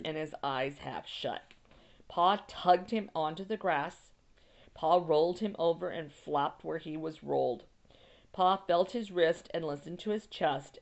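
A woman teacher reading a novel chapter aloud and pausing to explain it, unhurried. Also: low-pitched, darkish tone, lo-fi sound.

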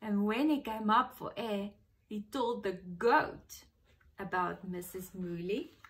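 A preschool teacher reading a picture book aloud to children, expressive and pausing to ask her listeners questions. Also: medium pitch.

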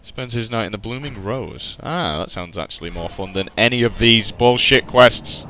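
A man's voice: on the low side, normal speed, hardly any pauses, bright, forceful tone, slight background noise. A young man doing casual let's-play commentary, goofy and rambling, with heavy swearing. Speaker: gaming commentator. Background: game music faint.

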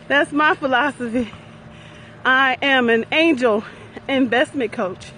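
A woman's voice: high voice, takes it slowly, bright, forceful tone, a little hiss or hum, rough recording. A middle-aged woman, live-streaming from her phone while out on a walk, upbeat and chatty and short of breath. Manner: upbeat, chatty, cheering herself on. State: out of breath from walking. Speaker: investment coach and vlogger. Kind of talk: live-streamed walking vlog. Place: outdoors on a walking path by a pond.

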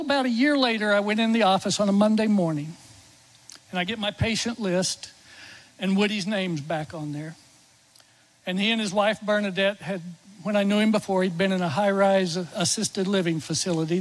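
A middle-aged man, a chaplain preaching in church, telling a story that drops to a hush when he quotes a dying man. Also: sits high, normal speed, low-quality recording. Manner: tells the story warmly, drops to a near-whisper when quoting the dying man. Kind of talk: sermon storytelling. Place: church sanctuary.

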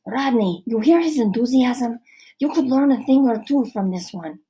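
A woman's voice: fairly high pitch, lively intonation, normal speed, mellow, pitched above the performer's own voice, poor audio. A woman reading a storybook aloud, voicing a confident twelve-year-old boy who talks like a wise old man. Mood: delighted.

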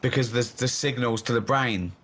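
A man's voice: medium pitch, normal speed, a bit bright. A man hosting a comic podcast, teasing his co-host with crude, mocking remarks.

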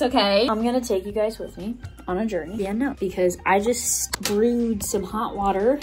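A woman's voice: medium pitch, moderate pace, a little mellow, soft background music, low-quality recording. A young woman talking casually to a camera on a tripod in a room at home, rambling with lots of "like" fillers, blunt and swearing. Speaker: YouTuber reviewing a product. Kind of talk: casual vlog chat. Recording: background noise with clicking sounds.

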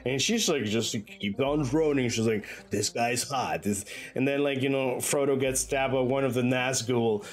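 A man's voice: medium pitch, normal speed, few pauses. A man livestreaming from his bedroom, chatting loosely and rambling, often breaking into laughs. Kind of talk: loose casual chat while gaming. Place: own bedroom.

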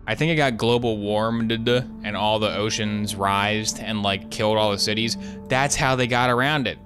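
A man's voice: fairly low pitch, fairly even intonation, moderate pace, music in the background. A man giving casual, jokey commentary while playing a video game, thinking aloud as he goes. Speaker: gaming YouTuber.

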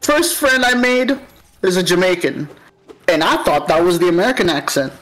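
Guest voice: high-pitched man, non-native English, giggly casual chat. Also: lively intonation, moderate pace, a bit bright, low-quality recording. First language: not English. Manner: giggly, laughs often. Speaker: stream guest. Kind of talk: casual chat over a game stream.

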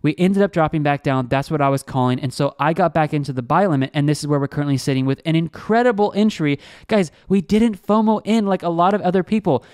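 Young man, fast talker, clear voice, hyped salesy trading vlog host. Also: sits high, dry recording, clean studio sound. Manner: energetic, hyped, repeats "guys" and "like". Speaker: crypto trading channel host.

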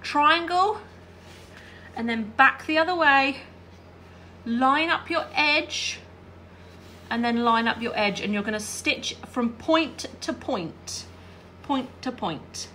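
Woman, high voice, crisp and bright, quilting tutorial, chatty, keeps checking in. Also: lively intonation, slow pace, slight background noise. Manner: chatty, checks in with "all right?". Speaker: quilting teacher. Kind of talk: hands-on craft tutorial.

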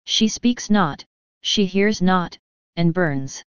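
A woman voicing a grieving Malay man who speaks low, calm and composed. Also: slow pace, clean tone, no room sound, dull audio. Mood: quiet mournful.

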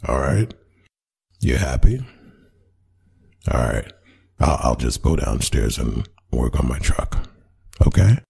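A man with an extremely low, gravelly voice plays the boyfriend in a one-sided role-play audio drama. He answers an unheard partner and draws out soft endearments. His voice is dark and husky. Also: sing-song, slow pace, long pauses. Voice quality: deep voice. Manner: talks to an unheard partner, answering her unseen replies.

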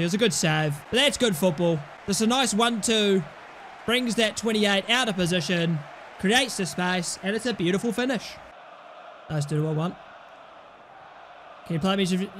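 A young man commentating his own football gameplay, excitable, yelling and swearing at the game. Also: sits high, a little hiss or hum. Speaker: gaming YouTuber.

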